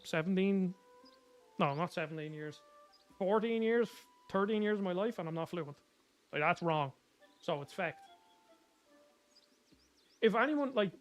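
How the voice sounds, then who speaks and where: A young Dublin Irish man with a high voice talks in a loose, rambling way, piling up fillers and correcting himself mid-sentence. Faint music plays quietly behind him. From Ireland. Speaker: gaming YouTuber. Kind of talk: casual chat.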